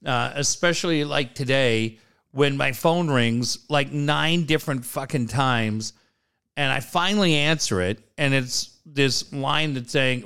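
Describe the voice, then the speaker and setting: A man's voice: medium pitch, measured pace, vocal fry, fairly bright tone, clean tone. A man co-hosting a radio show, telling stories casually and swearing freely while doing sponsor reads. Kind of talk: casual chat with live reads.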